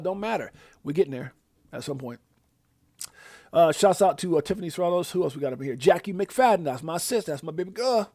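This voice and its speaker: Hyped man giving stream shout-outs. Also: no room sound, clean studio sound. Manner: lively, hyped, drawn-out shout-outs with sudden loud high bursts. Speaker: livestream host. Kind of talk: casual livestream shout-outs.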